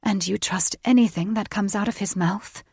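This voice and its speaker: A woman's voice: medium pitch, moderate pace, darkish tone, slightly rough, no echo, studio quality. A woman voicing a haughty fae queen in an audiobook, speaking with clipped, imperious commands. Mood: cold commanding. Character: haughty regal fae queen, cold and condescending. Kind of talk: audiobook character voice.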